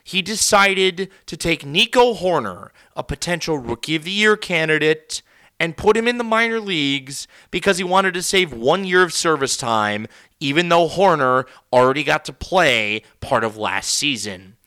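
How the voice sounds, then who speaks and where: A man's voice: a little high, animated, normal speed, bright, forceful tone, clear, resonant tone. A man hosting a solo sports podcast from a studio, ranting heatedly and sarcastically. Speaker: podcast host. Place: recording studio.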